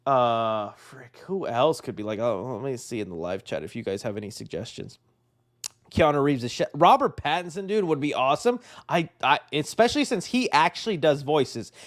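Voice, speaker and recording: A young man hosting a live stream, rambling and excitable, saying "dude" often and laughing a lot. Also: fairly high pitch. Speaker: livestream host. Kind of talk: casual live-stream chat.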